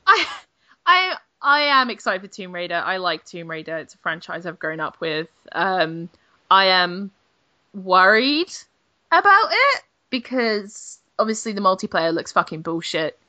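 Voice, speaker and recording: A woman's voice: lowish voice, big pitch swings, unhurried, bright, forceful tone, no echo, dull audio. A woman in her twenties, a games journalist chatting bluntly and animatedly on a podcast, swearing freely. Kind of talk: casual podcast chat.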